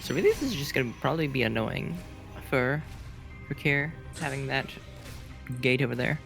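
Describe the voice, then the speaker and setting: A man with a gravelly, fry-laden voice casts a live video game match at a mid pitch. He keeps it soft-spoken and relaxed with a playful edge, over faint background music. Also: moderate pace. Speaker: esports caster.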